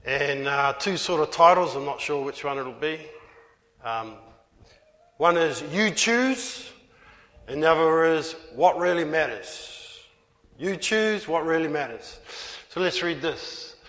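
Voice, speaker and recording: Slow, emphatic New preacher. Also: male voice, on the high side, expressive, a bit bright. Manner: emphatic, repeats key phrases. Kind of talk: sermon. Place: warm church hall. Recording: reverberant hall.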